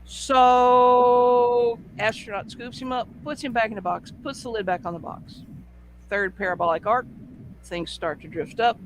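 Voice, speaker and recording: A man host telling a casual anecdote, animated and full of vivid sound effects. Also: very high voice, measured pace, slight background noise, poor audio.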